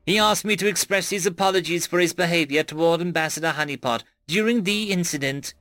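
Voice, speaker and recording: A man's voice: on the high side, fairly quick, fairly bright tone, no room sound, pitched above the performer's own voice, close to an everyday voice. Man doing a stiff formal alien envoy. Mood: stiffly formal. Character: stern, stiff, formal male alien ambassador.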